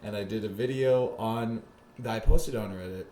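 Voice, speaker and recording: A man's voice: on the low side, normal speed, mellow, a little hiss or hum. Male podcast host, sarcastic and profane, loose rambling delivery in a roomy space. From South Florida. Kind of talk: comedic podcast monologue. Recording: roomy echo with faint ambience.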